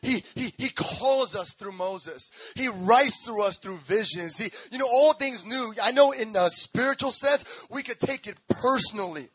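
A young man preaching a lively sermon, telling stories, acting out voices and laughing often, with a repetitive, rhythmic emphasis. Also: high voice, measured pace, few pauses, slightly rough, dry recording.

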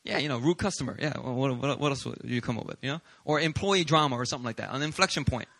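A male pastor preaching a sermon, telling stories about himself with humor in an animated way. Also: mid-range voice, quick pace, creaky, dry recording. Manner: animated, confessional storytelling with humor.

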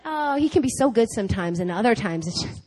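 A woman preaching a conversational sermon, telling a personal story with laughs and lively asides. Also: fairly high pitch, quick pace, rough recording. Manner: animated, laughing, chatty with fillers. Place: church service.

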